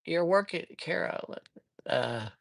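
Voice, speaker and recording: A man hosting a casual live stream, telling ghost stories with lively acted-out dialogue and giving tarot readings to viewers. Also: a little high, takes it slowly, vocal fry. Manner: lively storyteller who acts out dialogue. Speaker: live-stream host and psychic reader.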